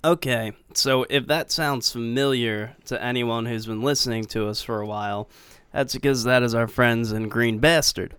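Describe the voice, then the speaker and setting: A man's voice: medium pitch, steady tone, moderate pace, few pauses, background noise. A man hosting a casual podcast, talking in a laid-back way with frequent fillers and casual swearing. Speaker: podcast host.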